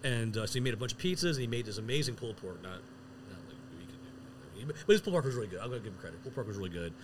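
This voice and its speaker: Animated, fast-talking man on a podcast. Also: lowish voice, background noise. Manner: animated, rambling with many restarts. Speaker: podcast co-host. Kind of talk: casual chat.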